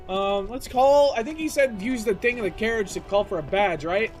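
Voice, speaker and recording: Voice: medium pitch, moderate pace, few pauses, soft background music. A young adult streamer giving casual, joking commentary while playing, often stammering and rambling.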